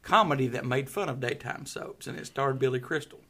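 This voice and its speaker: A man's voice: medium pitch, brisk, sharp tone. A man hosting a casual podcast chat, playful and quizzing his co-host.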